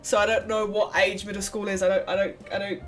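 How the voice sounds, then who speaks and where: A woman's voice: mid-range voice, little pitch movement, fast, distant mic, faint music behind. A young English woman from England, chatty and swearing freely as she comments on a game she is playing. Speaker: gaming video host. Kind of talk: let's play commentary.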